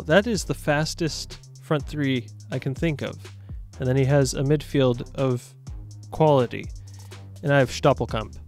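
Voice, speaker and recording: A young man giving jokey, animated commentary over his own football video game matches. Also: a little high. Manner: animated, jokey, shouts at big moments. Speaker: gaming YouTuber. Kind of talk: excited gameplay commentary.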